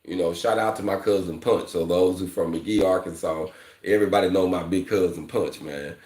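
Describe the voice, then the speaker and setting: Male welding coach, very deep voice, speech, loose slangy vlog chat, echoey room. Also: moderate pace, darkish tone. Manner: candid, repeats "fam" and "you know", slangy. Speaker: welding instructor. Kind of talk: casual vlog talk to viewers.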